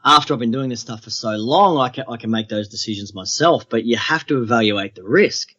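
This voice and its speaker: A man, a guest on an interview podcast, telling adventure stories in a relaxed, steady way. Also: medium pitch, a little fast, lo-fi sound.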